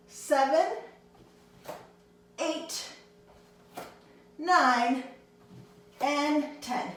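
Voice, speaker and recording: A woman's voice: high voice, heavy reverb, recorded from a distance, poor audio. A woman teaching a handstand class, encouraging her students and counting reps aloud, a little out of breath. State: slightly out of breath. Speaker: handstand instructor. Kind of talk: fitness class instruction.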